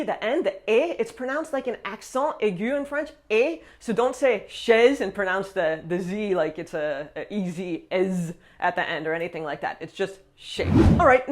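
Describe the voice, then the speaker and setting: Upbeat woman teaching. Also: a little high. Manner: upbeat, with frequent "all right" and list countdowns. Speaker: French language teacher. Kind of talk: casual video lesson.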